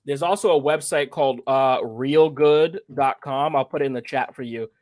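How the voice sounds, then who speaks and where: A young man co-hosting a livestream, chatting in an animated, excitable way with lots of restarts. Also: medium pitch, moderate pace. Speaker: livestream co-host. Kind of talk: casual chat.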